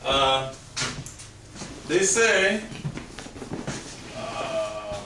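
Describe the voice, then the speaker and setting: A man's voice: medium pitch, very animated, drawn-out words. A male language teacher explaining grammar step by step to a class in a classroom lesson. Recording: echoey room, distant mic, noise.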